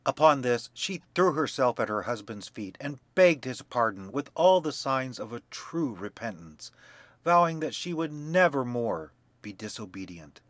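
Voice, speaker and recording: A man narrating a fairy tale for young children in a measured, expressive reading. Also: medium pitch, no echo. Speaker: storyteller.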